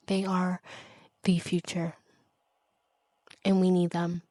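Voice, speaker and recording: A woman's voice: on the low side, little pitch movement, slow, mellow, dry recording, clean studio sound. A woman hosting her own podcast alone, talking with passion, swearing freely and repeating her pleas with laughs and sighs. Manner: impassioned, emphatic, swears freely; repeats pleading phrases, laughs and sighs between points. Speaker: podcast host. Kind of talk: solo podcast monologue.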